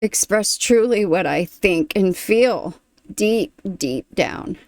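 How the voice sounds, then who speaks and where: A woman's voice: mid-range voice, animated, slow, darkish tone, dry recording, clean studio sound. A woman hosting a reaction video, talking casually, moved and thoughtful, often trailing off.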